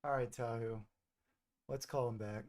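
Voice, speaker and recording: Male streamer, relaxed casual chat, playful and teasing, lots of fillers. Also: medium pitch, a little slow. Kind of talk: casual gaming chat with an AI character.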